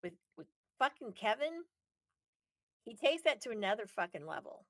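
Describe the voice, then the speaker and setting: Woman podcast co-host, bright voice, dry close mic, emphatic and chatty. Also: on the high side, sing-song, moderate pace, no room sound. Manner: chatty, swears casually, emphatic. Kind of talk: casual wrestling podcast chat.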